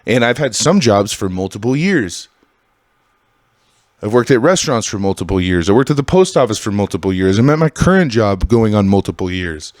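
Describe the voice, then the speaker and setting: A man in his thirties hosting a solo podcast, ranting with constant swearing and jumping into high, exasperated outbursts. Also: big pitch swings, a little fast, no echo, studio quality. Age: 30s. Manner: profane, ranting, swings into high exasperated bursts. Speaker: podcast host.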